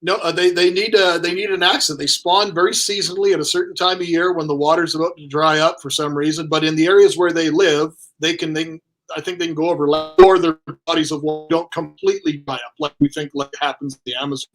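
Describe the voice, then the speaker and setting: Guy aquarist guest explaining fish stuff, wry and chatty, kinda high voice. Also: steady tone, fast, a bit bright. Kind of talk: casual livestream chat.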